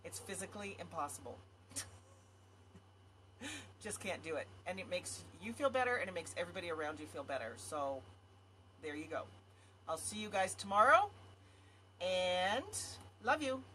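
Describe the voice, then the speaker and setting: A woman's voice: lowish voice, animated, moderate pace, pauses often, bright, forceful tone, slight background noise. A woman vlogging to her viewers in casual talk, effusive and rambling. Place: home area in Montana.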